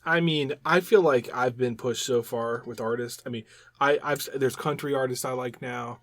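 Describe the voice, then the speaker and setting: A man co-hosting a podcast in casual chat, animated and rambling, often repeating words as he explains. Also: mid-range voice, normal speed, no room sound, studio quality. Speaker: podcast co-host.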